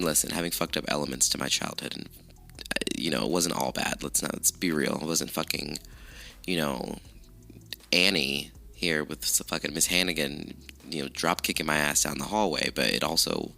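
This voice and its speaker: Gravelly, very deep-voiced man, rough morning voice. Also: sharp tone. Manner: chatty, profane, self-mocking. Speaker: podcast host. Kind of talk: casual solo podcast chat.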